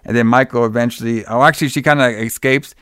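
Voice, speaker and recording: Brief: male podcast co-host, smooth and dry-miked, loose and profane, filler-heavy. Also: mid-range voice, fairly even intonation, fast, fairly bright tone, dry recording. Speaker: podcast co-host recapping a film. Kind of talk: casual chat.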